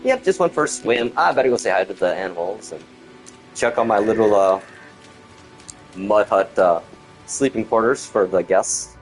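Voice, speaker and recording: A man with a lowish voice talks through his gameplay in a loose, rambling stream-chat manner. He grumbles about little design quirks and chats to viewers as he goes. Soft game music runs quietly underneath. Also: lively intonation, normal speed, poor audio. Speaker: gaming streamer. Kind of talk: casual gameplay commentary.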